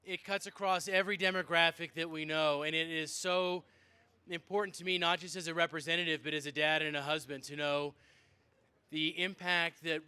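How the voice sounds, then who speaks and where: A man's voice: fairly high pitch, steady tone, moderate pace, pushed and bright, smooth. A man, a state legislator, giving an earnest, rousing speech to a rally crowd. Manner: earnest, rousing public address.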